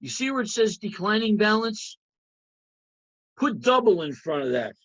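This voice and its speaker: Emphatic high-voiced man teaching accounting. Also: sing-song, normal speed, muffled recording. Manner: emphatic, repeats key points, asks students rhetorical checks. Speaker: accounting instructor. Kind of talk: recorded lecture review.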